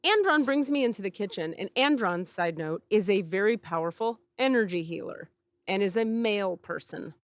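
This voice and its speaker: A woman's voice: mid-range voice, animated, moderate pace, no echo. A woman hosting a podcast, telling a story in casual chat, acting out the people she quotes and swearing freely, recorded outdoors in a back yard. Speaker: podcast host.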